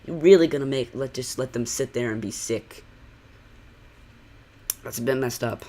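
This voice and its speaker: A man with a voice of ordinary middle pitch delivers loose, sarcastic commentary. He rambles, restarts his points and leans heavily on "like" while he mocks what he is watching. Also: moderate pace, warm tone, a little hiss or hum. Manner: sarcastic, rambling, heavy use of "like". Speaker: channel critic.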